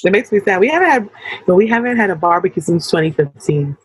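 Husky slangy young woman podcaster. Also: lowish voice, no echo, low-quality recording. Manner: animated, slangy, quick asides. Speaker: podcast co-host. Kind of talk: casual podcast chat.

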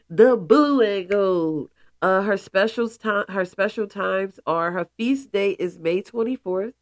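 This spiritual podcast host has a medium-pitched voice, recorded with no room sound, and she's clearly stuffed up. She chats casually and emphatically, playing around in asides and calling everyone goddesses.

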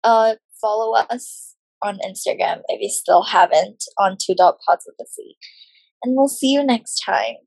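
A woman's voice: medium pitch, measured pace, gravelly, darkish tone, husky, no room sound, rough recording. A young woman co-hosting a casual podcast, chatty and giggly, peppered with "like". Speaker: podcast co-host. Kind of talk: casual chat.

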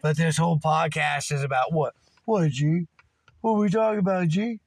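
A man hosting a podcast in a loud, profane, rowdy rant at home. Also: a little high, moderate pace, gravelly, breathy edge. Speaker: podcast host. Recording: rock music blaring behind. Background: loud rock music.

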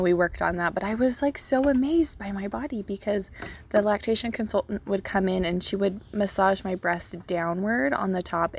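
A young woman with a medium-pitched voice hosts a podcast outdoors, with a child playing in water nearby and slight background noise. She tells a personal story in a casual, chatty way, full of "like" and "um".

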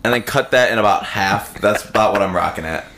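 A man co-hosting a podcast, cracking dry, deadpan, self-mocking jokes. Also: on the low side, fairly quick, creaky. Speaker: podcast co-host. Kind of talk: crude casual chat. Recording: echoey room with faint noise.

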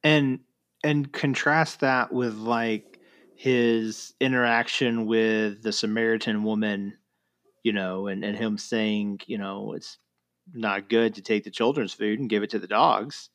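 A man's voice: on the low side, steady tone, a little slow, fairly bright tone. A man discussing scripture in a casual conversation, quoting passages and acting out the speakers with lots of fillers. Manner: conversational, quotes scripture with voiced asides, many fillers.

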